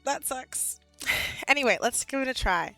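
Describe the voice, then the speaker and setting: A young woman in her twenties chatting casually with her live chat as a streamer, animated and full of "like"s and laughs, a bit out of breath. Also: high-pitched, normal speed, soft background music.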